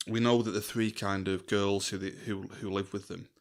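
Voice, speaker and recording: A young man co-hosting a podcast, with a low, deep voice. He chats casually and laughs a lot. He slips into quick mock voices for scenes he describes. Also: level tone. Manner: chatty, laughs often, acts out lines from scenes. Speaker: podcast co-host. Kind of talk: casual chat.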